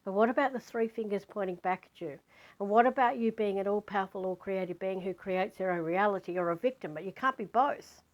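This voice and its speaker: A woman sharing a personal story as a spiritual teacher in a vlog, animated and frank. She repeats words for emphasis and swears casually. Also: medium pitch, quick pace, muffled recording.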